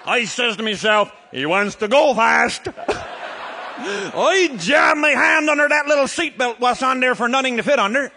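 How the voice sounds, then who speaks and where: Man, Newfoundland accent, comic tall-tale yarn, very high voice, lively, bright tone, live stage. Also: moderate pace, slight background noise. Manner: rollicking, shouting and laughing through a yarn. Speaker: storyteller.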